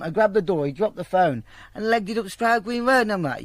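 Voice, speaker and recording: Brief: bloke, higher voice, rattles off a sweary story, close dry mic. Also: male voice, fast talker, no room sound. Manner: blunt, profane, animated storytelling. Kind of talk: casual anecdote told to an interviewer.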